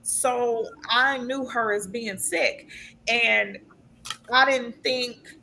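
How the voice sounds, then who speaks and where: A woman with a higher voice and a bright, forceful edge gives a relaxed live tarot reading. She talks in a chatty, earnest way and often pauses on "um" or restarts a thought. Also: vocal fry, slight background noise. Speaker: tarot card reader. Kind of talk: live casual spiritual reading to a sibling.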